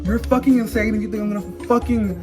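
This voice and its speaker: A reaction host ranting loudly and swearing constantly in casual commentary. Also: medium pitch, steady tone, fast, over music.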